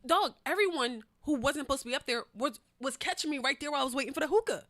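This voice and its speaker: A woman co-hosting a podcast in casual chat, telling stories in an animated way, swearing freely and laughing often. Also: sits high, fast talker, dry recording, studio quality. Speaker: podcast co-host.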